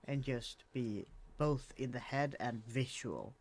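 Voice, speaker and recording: A man talks slowly through a casual podcast chat about a film, stopping and restarting his sentences as he goes. His pitch sits in an ordinary middle range. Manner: hesitant, restarts phrases. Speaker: podcast co-host. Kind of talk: casual movie discussion.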